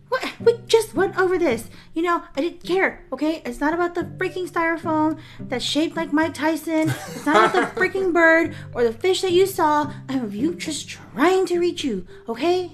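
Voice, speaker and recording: Woman doing a frazzled bossy girl yelling at her buddy, shrill and exasperated, way up high. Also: animated, moderate pace, soft background music.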